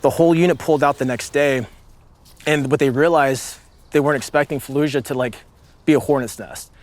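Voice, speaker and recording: Ex-marine guy in his late 30s, rambly storytelling, says like a lot, shouts out the quotes. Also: medium pitch, fairly quick. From United States. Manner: rambling, with many "like" fillers and vivid acted-out shouts. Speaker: former marine sniper, guest. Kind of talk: casual storytelling conversation.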